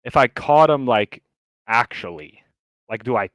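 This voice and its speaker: Male podcast co-host, animated storyteller, casual and profane, dry close mic. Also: mid-range voice, a little slow, dry recording. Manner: animated storytelling, acts out quotes, swears freely. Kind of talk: casual chat.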